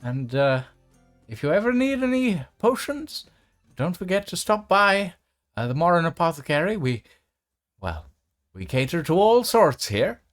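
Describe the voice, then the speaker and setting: A man voicing a sweet, doting old grandmother who runs a potion shop, cooing and fussing in a high, fluttery voice. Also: big pitch swings, measured pace, soft background music.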